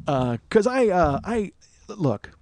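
A man in his forties telling a profane, animated story as a podcast host. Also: very high voice, a little hiss or hum. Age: 40s. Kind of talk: storytelling monologue.

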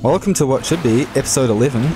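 A man's voice: medium pitch, fast talker. A man hosting a casual let's-play video, joking around in a goofy, self-mocking way. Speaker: gaming video host. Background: game music.

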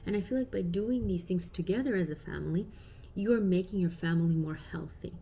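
Casual mom vlogger in her thirties, warm low register, talks to camera with lots of fillers. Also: a little fast, creaky, a little hiss or hum. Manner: chatty, reflective, uses many fillers. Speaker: parent vlogger.

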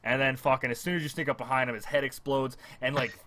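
A young man talking fast in a loose, casual gaming chat. He swears freely, gets excited, and breaks into high yelps when he acts out his own reactions. His voice sits at an ordinary middle pitch. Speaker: podcast co-host.

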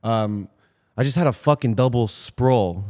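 A young man from Toronto with a Toronto accent, co-hosting a podcast in quick, swearing banter. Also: mid-range voice, darkish tone. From Toronto, Canada. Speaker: podcast co-host. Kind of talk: casual chat.

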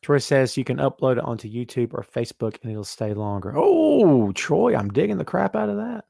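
A man's voice: medium pitch, expressive, brisk, vocal fry, a little mellow, no echo, clean studio sound. A man hosting a live-streamed wrestling podcast in casual, sarcastic chat, reading viewer comments aloud and mumbling to himself while he adjusts settings.

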